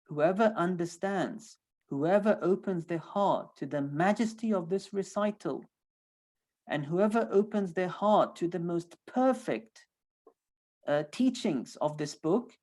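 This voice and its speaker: A male teacher gives an online lecture on a sacred text. He speaks with steady emphasis and stacks short repeated phrases to drive each point home. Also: high voice, takes it slowly. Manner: emphatic, building repetition. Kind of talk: lecture explaining scripture.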